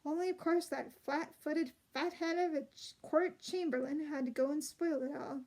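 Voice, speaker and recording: A cheerful, boyish young king from a storybook, put on by a woman reader. He chatters playfully in a high voice with a mellow tone. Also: moderate pace. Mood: excited. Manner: playful, excited, grumbling.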